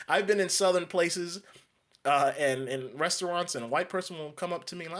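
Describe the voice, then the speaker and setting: A man's voice: a little high, normal speed, fairly bright tone. A man from New York delivering an emphatic ranting monologue, repeating and restarting phrases. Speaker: commentator.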